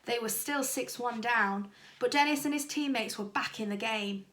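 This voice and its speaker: Bright-voiced woman reading a storybook. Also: fairly high pitch, normal speed. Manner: lively expressive storytelling. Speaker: primary school teacher.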